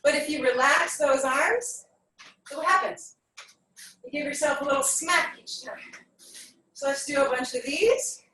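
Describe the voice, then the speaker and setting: High-voiced lady coaching kids through aikido drills, a bit winded, roomy echo from far off. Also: measured pace, long pauses, pushed and bright, a little hiss or hum. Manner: counts aloud in Japanese, encouraging instructions. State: out of breath. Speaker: aikido instructor. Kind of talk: online exercise class for kids.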